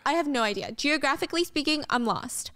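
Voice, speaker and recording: A young woman casually recapping a film as the host, acting out the characters' lines with lively delivery. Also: sits high, a little fast, no echo. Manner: animated storytelling, acts out characters' lines.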